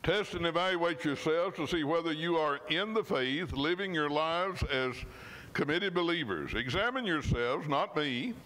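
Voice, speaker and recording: A man, a pastor, preaching a sermon in church. He reads scripture slowly and with emphasis, and at times his voice drops suddenly soft. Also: on the high side, animated.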